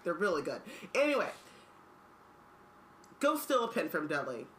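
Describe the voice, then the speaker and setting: A woman cohost on a casual podcast, quick and chatty, drifting into digressions. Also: lowish voice, very animated, fairly bright tone, slight background noise. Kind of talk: casual chat.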